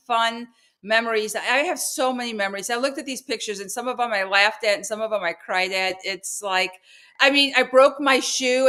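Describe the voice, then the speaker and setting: A woman co-hosting a talk show, telling stories in quick animated bursts with plenty of fillers. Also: a little high. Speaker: co-host. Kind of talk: casual chat.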